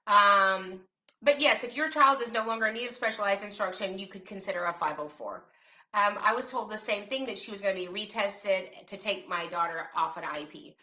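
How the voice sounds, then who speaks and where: A woman's voice: medium pitch, moderate pace, bright, forceful tone. A middle-aged woman hosting a show on parents' rights, talking casually with sarcastic, teasing asides. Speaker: special education advocate and host. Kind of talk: casual talk to camera.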